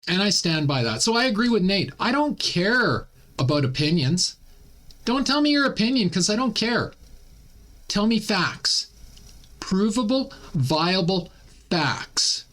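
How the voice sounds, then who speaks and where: Animated blunt Canadian man ranting. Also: sits high, measured pace. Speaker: commentary channel host. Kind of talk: casual opinion commentary.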